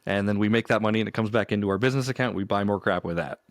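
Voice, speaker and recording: A man's voice: lowish voice, racing, dry recording, studio quality. A man co-hosting a podcast, telling stories in an easygoing, chatty way and laughing often. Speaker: podcast co-host. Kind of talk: casual chat.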